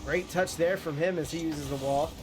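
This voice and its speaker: A man casting an esports match in excitable play-by-play style, sounding congested and nasal from a cold. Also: a little high, normal speed. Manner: excitable play-by-play with frequent restarts. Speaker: esports caster.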